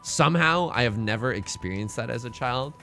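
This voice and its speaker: A man streaming live and chatting casually with his viewers while he plays. He sounds slightly hoarse and is excitable and self-mocking. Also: mid-range voice, brisk, faint music behind. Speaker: livestreamer.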